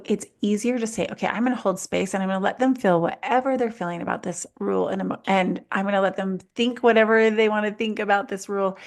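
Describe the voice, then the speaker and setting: A woman life coach co-hosting a podcast, giving earnest, reassuring advice in a calm, conversational way. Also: mid-range voice, creaky. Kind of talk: casual podcast chat.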